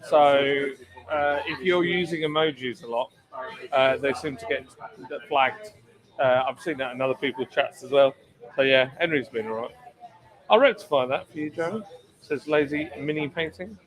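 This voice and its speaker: A man's voice: medium pitch, moderate pace, low-quality recording. A British man hosting a live stream from a brewery taproom, chatting casually, joking and greeting viewers by name as he reads their comments. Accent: British English. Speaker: stream host and taproom bartender. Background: crowd chatter.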